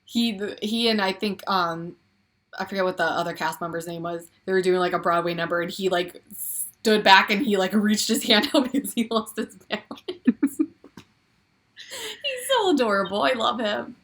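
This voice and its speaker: A woman's voice: mid-range voice, animated, normal speed, a bit bright. A woman co-hosting a casual pop culture podcast, gushing and laughing often, with many "like"s. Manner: gushing, giggly, lots of "like". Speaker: podcast co-host.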